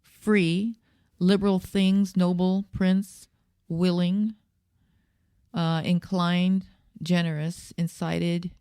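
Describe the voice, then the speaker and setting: A woman co-hosting a talk show, calmly reading scripture aloud and giving short, agreeing replies. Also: on the low side, extremely slow, pauses often, clean tone, dry recording, studio quality. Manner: calm, brief agreeing replies. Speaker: co-host.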